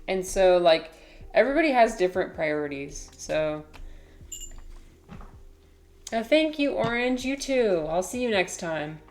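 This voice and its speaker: Slow, low-voiced woman rambling casually. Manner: rambling, hesitant, many fillers and restarts; coos softly to her cat. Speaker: livestreamer and teacher. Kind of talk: casual livestream chat.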